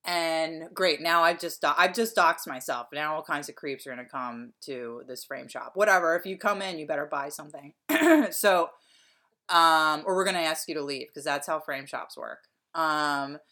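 A woman's voice: low-pitched, fairly bright tone. A woman, rambling through a casual podcast chat. She swears freely and fills her sentences with ums and likes. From Pennsylvania. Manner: profane, rambling, frequent fillers. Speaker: podcast co-host.

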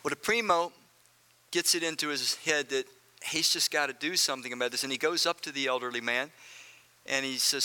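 A man delivers a sermon from the pulpit in a voice pitched a little high. His tone is bright and tense. He speaks earnestly to the congregation and repeats key words to press his point. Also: steady tone, a little fast, clean tone. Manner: earnest, addresses the congregation directly; repeats phrases for emphasis. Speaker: pastor.

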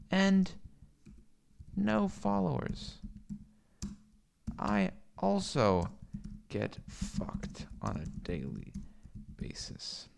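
A man rants alone on a stream in a gravelly, creaky voice. He talks slowly, and his pitch swings up and down a lot. His rambling, profane delivery has a sardonic bite. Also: a little hiss or hum. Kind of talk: unscripted solo rant.

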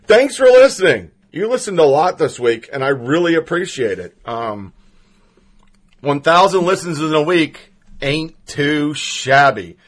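A man's voice: on the high side, sing-song, unhurried. A man hosting a political podcast, talking casually and with strong opinions, stumbling over names now and then. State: has the hiccups. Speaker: podcast host.

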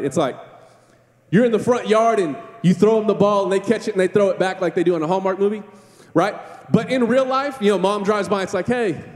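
High-voiced pastor in a reverberant church. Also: male voice, a little mellow. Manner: conversational, jokey storytelling with acted-out quotes. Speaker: campus pastor. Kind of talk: sermon. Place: church sanctuary. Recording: long hall reverb in a church.

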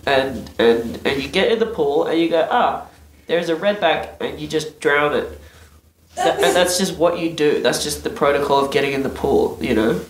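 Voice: mid-range voice, moderate pace. A guest, chatting casually on a podcast and telling swear-laden stories with lots of animation. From Australia. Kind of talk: casual chat. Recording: roomy room echo.

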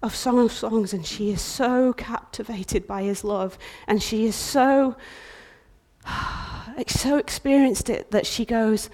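A woman delivers an impassioned church sermon in a fairly high voice. She swings between loud, ringing outbursts and soft whispers as she tells her story, with a restless, dramatic energy. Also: slow pace. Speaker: preacher.

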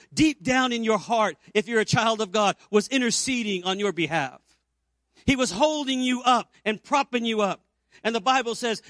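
High-voiced preaching pastor, dry sound. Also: male voice, dry recording. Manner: preaching with rising emphatic peaks and quiet low stretches. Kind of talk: Easter sermon.

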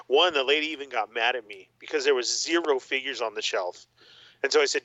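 A man co-hosting a casual podcast, telling lively stories and laughing often. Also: medium pitch, a little fast, dry recording. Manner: animated, laughing storyteller. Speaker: podcast co-host. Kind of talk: casual chat about toy collecting. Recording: dull lo-fi sound.

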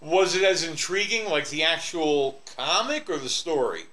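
A man's voice: a little high, expressive, moderate pace, sharp tone, rough recording. A man co-hosting a podcast in casual chat, hesitant with stammering restarts. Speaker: podcast co-host.

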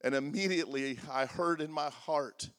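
A pastor in his sixties preaching a confessional sermon, moving between loud emphatic lines and hushed, soft passages. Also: a little high, normal speed. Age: 60s.

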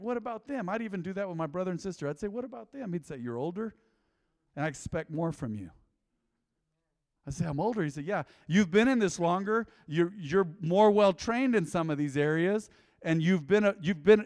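A man's voice: high voice, lively intonation, fairly quick, no room sound, studio quality. Man preaching. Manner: call-and-response preaching, swings loud and quiet. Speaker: pastor. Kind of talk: sermon. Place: church with live congregation.

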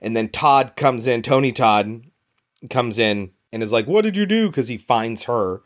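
A man co-hosting a podcast, talking about films in an animated, opinionated way and swearing often. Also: mid-range voice, unhurried. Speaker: podcast co-host. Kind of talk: casual film discussion.

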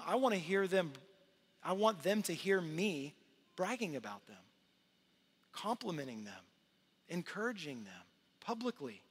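A man in his thirties preaching a sermon to his church in a conversational, earnest way, swinging from loud to hushed. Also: high voice, breathy edge. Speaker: pastor. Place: large church hall. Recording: long hall reverb.

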